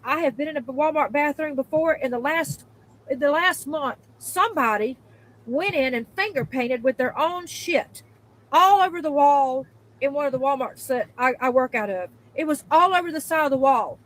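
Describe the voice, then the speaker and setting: A fed-up woman vents in a video clip, cursing through an angry rant in a high voice. She's exasperated and emphatic, spiking into loud, shrill outbursts. The recording is rough, with slight background noise.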